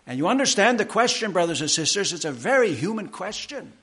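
A man preaching a sermon, slow and emphatic, with deliberate pauses. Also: high-pitched, sing-song, a bit bright. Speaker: pastor.

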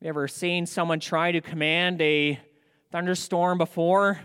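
A male pastor preaching a sermon in a church, animated and asking rhetorical questions. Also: on the high side, unhurried, smooth, long reverb tail.

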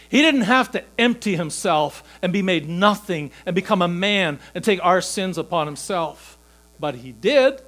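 A male pastor preaching a sermon, moving from quiet, low passages to loud, emphatic peaks. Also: expressive, normal speed.

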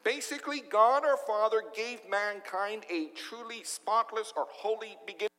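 A man delivers a sermon from the pulpit, pressing his points with repeated rhetorical questions. His voice sits high for a man. Long reverb trails behind his words, as in a large church. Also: moderate pace, sharp tone. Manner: emphatic preaching with rhetorical questions. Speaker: pastor.

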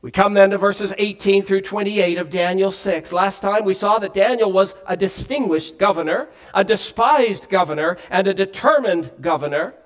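A man's voice: sits high, normal speed, few pauses. A male pastor preaching a sermon earnestly, with emphatic rises and falls.

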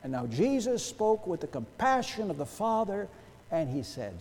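A man preaching a sermon to his congregation, emphatic, with rhetorical questions and big swings between soft and loud. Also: a little high, sing-song, moderate pace. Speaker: pastor. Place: church sanctuary. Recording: long church reverb.

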